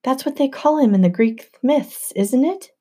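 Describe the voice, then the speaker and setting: A woman's voice: high voice, expressive, normal speed, dark tone, husky, voice pushed up. A woman voicing a shaken teenage boy who presses with urgent questions. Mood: demanding.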